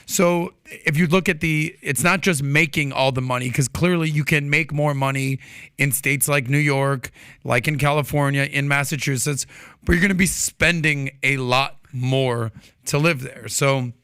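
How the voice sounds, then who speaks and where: A man co-hosting a casual podcast, animated, explaining his ideas with sports comparisons. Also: medium pitch, normal speed, no echo, clean studio sound. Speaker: podcast co-host.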